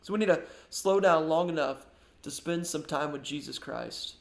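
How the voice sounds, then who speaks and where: A man's voice: fairly high pitch, moderate pace, creaky, reverberant. A man giving an earnest devotional sermon as a pastor, often repeating words as he goes.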